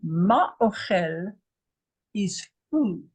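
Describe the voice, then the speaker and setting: A woman's voice: medium pitch, animated, drawn-out words, a little mellow, breathy edge, rough recording. An English woman teaching a language lesson, patiently repeating each word and spelling out its letters. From England. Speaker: Hebrew teacher.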